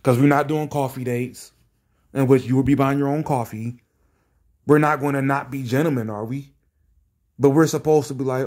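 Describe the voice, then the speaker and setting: A man's voice: mid-range voice, steady tone, normal speed, darkish tone. A man reacting to viewer comments in a rant that is exasperated, profane and sarcastic. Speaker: commentary streamer.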